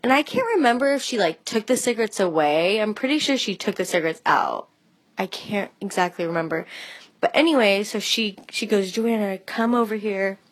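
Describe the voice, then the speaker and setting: A woman's voice: mid-range voice, expressive, brisk, poor audio. A woman telling a personal story about a friend in a rambling, hesitant way, with many restarts. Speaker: friend sharing memories.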